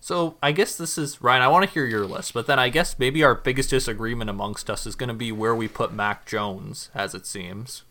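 Bright-voiced wisecracking man. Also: medium pitch. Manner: quick quips, wry. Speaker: podcast co-host. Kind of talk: casual sports podcast chat.

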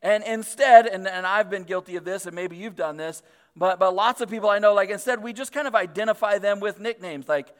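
A man in his thirties preaching in a loose, conversational way, his voice sitting a little high for a man. He strings his thoughts together with fillers and quick restarts. Long reverb from a large hall trails after each phrase. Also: fairly bright tone, clear, resonant tone. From Northern California. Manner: chatty, filler-heavy, self-deprecating. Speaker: pastor. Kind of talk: casual storytelling sermon.

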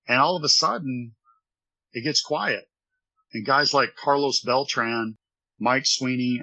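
A former baseball pitcher telling an earnest, rambling story from his office during an interview. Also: sharp tone, poor audio.

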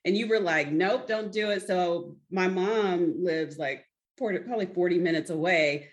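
Woman, podcast co-host, relaxed casual anecdotes, slightly low voice. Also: normal speed, muffled recording. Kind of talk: casual chat.

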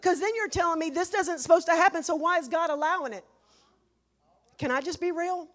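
High-voiced woman preaching emotionally. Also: a little fast. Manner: emotional, emphatic, swinging between hushed and loud. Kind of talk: sermon with personal testimony. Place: church.

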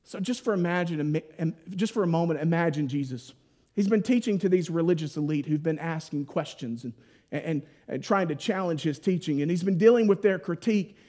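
A man preaching a sermon, telling the story in a folksy, playful way with voiced asides, then dropping to a hushed, solemn tone at key points. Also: on the high side, a little fast.

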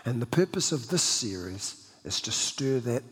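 Male pastor, storytelling sermon, slightly raspy voice, long church reverb. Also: mid-range voice, sing-song, normal speed. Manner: conversational, self-deprecating humor; many restarts and repeated words.

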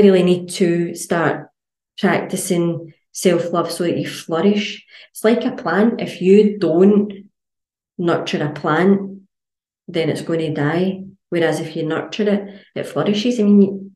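Scottish lady health coach, lowish voice, blunt n sweary, echoey room. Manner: blunt, sweary, animated storytelling. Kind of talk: casual podcast monologue. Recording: roomy echo.

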